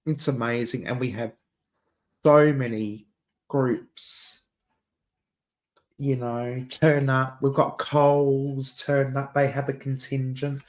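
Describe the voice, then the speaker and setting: A man's voice: mid-range voice, flat delivery, takes it slowly, long pauses. A man with an Adelaide Australian accent, hosting a casual livestream chat, chatty and camp, laughing often and calling listeners dear. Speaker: channel host.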